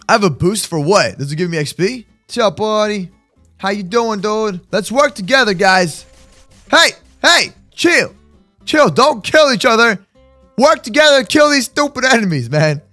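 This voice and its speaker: A young man with a high, bright, sharp voice gives excitable gameplay commentary. His pitch swings widely as he yells at enemies and laughs, while light music plays underneath. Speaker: gaming YouTuber.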